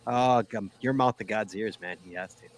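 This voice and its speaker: A man's voice: fairly low pitch, moderate pace. Middle-aged man hosting a chatty podcast. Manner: chatty, self-deprecating, drops into mutters. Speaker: podcast host. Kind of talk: casual chat.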